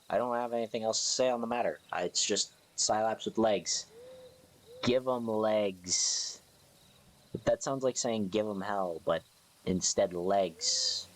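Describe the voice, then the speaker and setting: A man's lowish voice drifts through a casual live-stream chat; he's drowsy and yawning, meandering at a slow pace with a playful, offhand tone.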